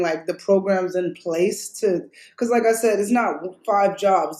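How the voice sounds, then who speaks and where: A woman running for mayor, talking passionately in a fast, rhythmic way on a podcast interview. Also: medium pitch, warm tone, echoey room, low-quality recording. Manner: passionate, rapid, rhythmic talk. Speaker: mayoral candidate.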